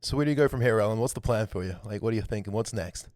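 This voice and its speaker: A man's voice: lowish voice, racing, a little mellow, no echo. A man hosting a podcast, asking questions and murmuring agreement in casual chat. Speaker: podcast host.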